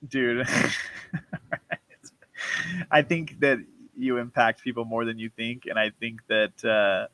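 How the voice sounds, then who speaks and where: A man's voice: mid-range voice, steady tone, slow pace, pushed and bright, no room sound, poor audio. A young man hosting a podcast, laid-back and slangy, calling his guest dude and bro. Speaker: podcast host. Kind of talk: casual podcast chat.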